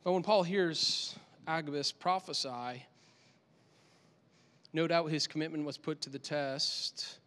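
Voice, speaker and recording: A male pastor giving an animated, conversational sermon in a church, with lots of repetition for emphasis. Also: a little high, slow pace, long pauses. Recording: long hall reverb.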